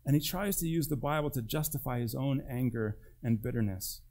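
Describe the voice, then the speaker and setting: A man's voice: mid-range voice, a little fast, darkish tone. A man preaching a sermon as pastor, with an emphatic delivery that swings between rising and dropping.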